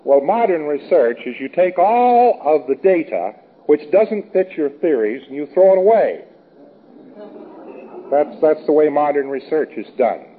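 A man with a slightly raised pitch gives an informal lecture, wry and anecdotal as he rambles from point to point. The sound is thin and boxy, squeezed into a narrow phone-like band like an old tape. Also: sing-song, a little slow.

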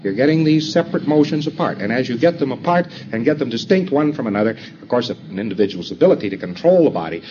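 A man giving an instructional lecture, acting out both sides of the dialogue, halting, with frequent fillers. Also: mid-range voice, lively intonation, a little mellow. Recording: dull lo-fi tape with faint hiss.

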